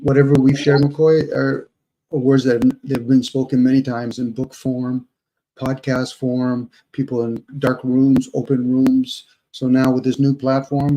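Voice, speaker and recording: A man's voice: medium pitch, level tone, normal speed, mellow, slight background noise, rough recording. A man who is a guest on a live online panel, talking in a rambling, reflective way full of rhetorical questions. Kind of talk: casual live panel chat.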